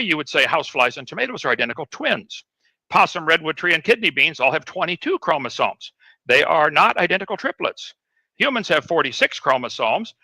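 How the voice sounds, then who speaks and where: Insistent man in a debate, bright voice. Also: on the high side, no echo, low-quality recording. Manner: insistent, dismissive. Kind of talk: debate argument.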